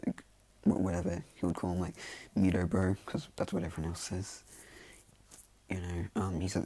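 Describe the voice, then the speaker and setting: A man's voice: low-pitched, steady tone, a little fast, a little mellow, slightly rough, no echo. A man casually improvising a fan story, rambling with lots of fillers and self-corrections.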